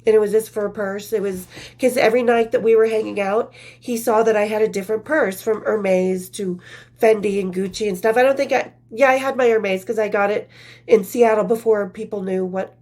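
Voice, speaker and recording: A woman's voice: mid-range voice, steady tone, a little fast, a little mellow. A woman hosting her own show, reading from her old journals in a candid, profane, casual storytelling manner with laughing asides. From western United States.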